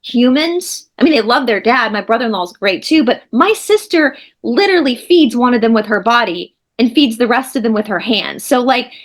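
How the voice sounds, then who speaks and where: A woman's voice: a little high, expressive, normal speed, hardly any pauses. A woman, an interviewer speaking earnestly and emphatically in a casual video-call chat. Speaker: co-host interviewer.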